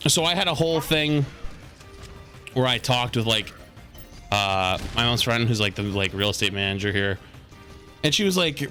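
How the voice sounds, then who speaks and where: A man's voice: medium pitch, expressive, moderate pace, pauses often, sharp tone, soft background music. Man heatedly telling a story. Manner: heated, profane retelling. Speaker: streamer. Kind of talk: casual storytelling.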